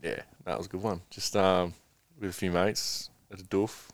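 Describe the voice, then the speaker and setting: A man's voice: low voice, level tone, moderate pace, no room sound. A young man casually telling a long rambling story as a guest, swearing freely.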